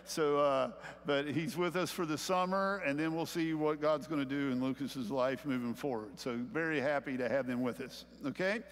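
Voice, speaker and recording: A middle-aged man preaches in a church sanctuary, his voice sitting high for a man. He climbs louder on key lines and keeps checking in with "okay?". The sound carries a long reverberant tail from the hall. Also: normal speed, few pauses. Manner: animated preaching, rising louder on key points, frequent "okay?" check-ins. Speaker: pastor. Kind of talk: sermon.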